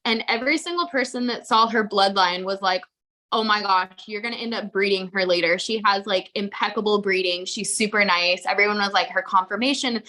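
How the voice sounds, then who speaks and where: A young woman talking loosely on a podcast, her voice bright and forward. She rambles in a chatty, candid way, stacking up "like" and dropping the odd swear word. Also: mid-range voice, brisk. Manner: chatty, swears freely, full of likes. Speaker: podcast co-host. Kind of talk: casual chat.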